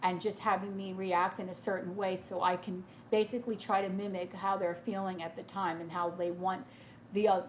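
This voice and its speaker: A woman's voice: mid-range voice, darkish tone, slight background noise. A woman doing a live tarot reading for viewers, speaking in a soothing, reassuring way and often checking in with "okay?", sounding tearful and emotional. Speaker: tarot reader.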